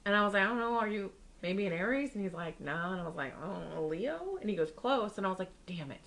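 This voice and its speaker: A woman's voice: lively intonation, quick pace, gravelly, fairly bright tone, poor audio. A young woman co-hosting a podcast, chatting casually and acting out the people in her stories. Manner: chatty storyteller, acts out quotes with big pitch jumps. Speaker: podcast co-host. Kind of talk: casual chat.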